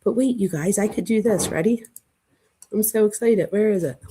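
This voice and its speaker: A woman hosting a casual late-night livestream chat, gushing and excitable, dramatic by her own account, and often breathless. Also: medium pitch, brisk, a little hiss or hum. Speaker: channel host.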